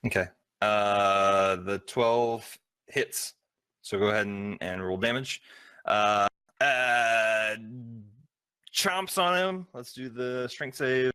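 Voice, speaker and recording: A man's voice: fairly low pitch, fairly even intonation, pushed and bright, smooth, no room sound. A man running a tabletop game as game master, narrating with many ums and uhs. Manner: halting, filled with ums and uhs.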